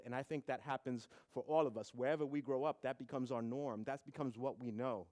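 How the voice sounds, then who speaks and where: A young man from the South Bronx giving a humorous, animated storytelling talk. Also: mid-range voice, a little fast, hardly any pauses. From South Bronx, New York. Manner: humorous, animated storytelling with acted family quotes.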